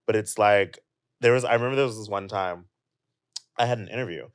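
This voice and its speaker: Young guy on a podcast, kinda low voice, rambles, says like a lot. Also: brisk, clear, resonant tone, no room sound, studio quality. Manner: rambling, heavy use of "like". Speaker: podcast guest. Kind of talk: casual chat.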